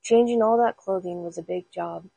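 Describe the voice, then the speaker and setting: A woman's voice: on the low side, moderate pace, vocal fry, mellow, slightly rough, dry recording, rough recording. A woman doing a fussy widow. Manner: particular, polite complaining. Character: fussy widow at a funeral parlor.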